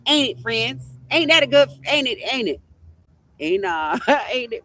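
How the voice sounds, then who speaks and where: Brash, bright-voiced woman reading tarot. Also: a little high, big pitch swings, unhurried, no echo. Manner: brash, profane, boastful, repeats herself. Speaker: tarot reader and streamer. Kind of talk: casual livestream tarot commentary.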